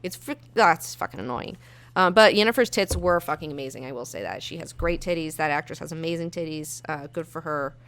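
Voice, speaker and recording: A woman's voice: deep voice, brisk, a bit bright, clean tone. A woman hosting her show, giving a blunt, rambling, profanity-laced casual review. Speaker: show host reviewing a series.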